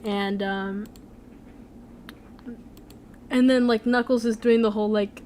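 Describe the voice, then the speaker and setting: A woman's voice: a little high, fairly even intonation, slow pace, pauses often, a little mellow, slight background noise. A young woman streamer chatting casually, rambling with lots of "like" and "um". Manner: rambling, full of "like" and "um". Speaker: streamer, animator. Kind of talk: casual live-stream chat.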